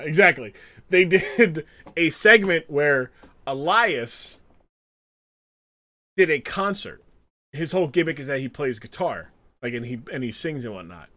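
A man co-hosting a casual podcast chat, telling stories with lots of energy and acting out the people he quotes. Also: on the high side. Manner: animated storyteller acting out quotes. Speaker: podcast co-host.

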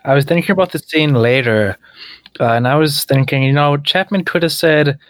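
A man's voice: fairly high pitch, moderate pace, a bit bright, no echo, clean studio sound. A man in casual book discussion, musing and thoughtful.

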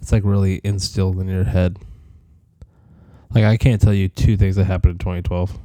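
Sick guy in his 20s ranting and rambling, lots of swearing, dark mellow voice, dry close sound. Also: low voice, level tone, moderate pace, dry recording. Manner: profane, rambling rants that drift between topics. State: sick with a cough. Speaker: audio diary host. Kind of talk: rambling solo audio diary.

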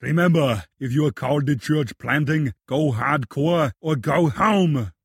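Gruff action-hero tough guy, put on by a man, rough husky rasp, dry booth. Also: fairly high pitch, measured pace, no echo, heavily acted. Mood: commanding. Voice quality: gravelly husky.

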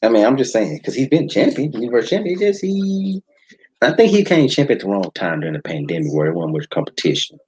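Excitable man, husky lively commentary. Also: quick pace, rough recording. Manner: animated, casual slangy talk with sudden high excited shouts. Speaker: podcast host. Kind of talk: excited live wrestling watch-along commentary.

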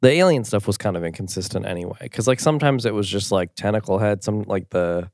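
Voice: low-pitched, quick pace, a little mellow, dry recording, studio quality. A podcast co-host in casual chat, rambling and hesitant, with lots of fillers.

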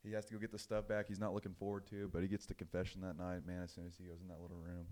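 A man's voice: sits low, completely flat delivery, very fast, a little mellow. A young man on a casual podcast, telling a long crude joke in a rambling way. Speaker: podcast co-host.

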